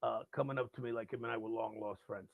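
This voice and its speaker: Male radio host, gravelly and a bit high, casual storyteller who acts out voices, dry muffled audio. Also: fast, no room sound. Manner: animated, acts out quoted voices loudly. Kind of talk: casual live-stream storytelling.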